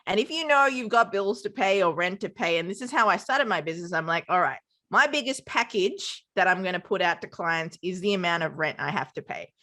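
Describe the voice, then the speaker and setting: A woman who founded a podcast company talks things through with an interviewer in a conversational interview. Her lowish voice is expressive, fairly quick, pushed and bright, and her manner is reflective and affirming, with lots of "like."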